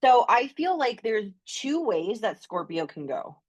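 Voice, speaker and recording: A woman's voice: a little high, big pitch swings, a little slow, dry recording. A woman with a Canadian accent, chatting enthusiastically as a guest astrologer on a podcast, often saying "like". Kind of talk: casual podcast conversation.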